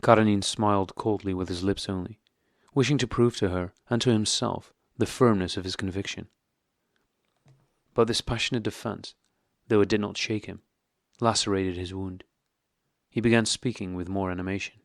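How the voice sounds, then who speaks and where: A man reading a classic novel aloud as an audiobook narrator, in a calm, steady way. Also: on the low side, normal speed, dry recording, studio quality.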